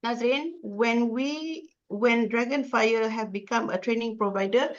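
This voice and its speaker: Animated woman with a Malaysian English accent. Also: a little high, unhurried, muffled recording. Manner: animated, emphatic storyteller. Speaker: corporate trainer, podcast guest. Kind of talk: casual podcast chat.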